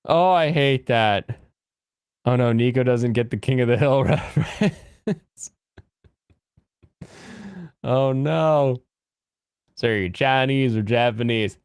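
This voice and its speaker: An American man chatting casually with his live-stream audience, joking and breaking into high mocking voices. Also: slow pace, pauses often, smooth, dry recording, studio quality. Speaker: streamer reacting to chat.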